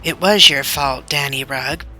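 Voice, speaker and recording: A woman's voice: very deep voice, a little slow, bright, forceful tone, faint music behind, exaggerated voice, rough recording. A woman reading aloud, voicing an injured schoolboy who pleads in pain. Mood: pained, pleading. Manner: pained, pleading.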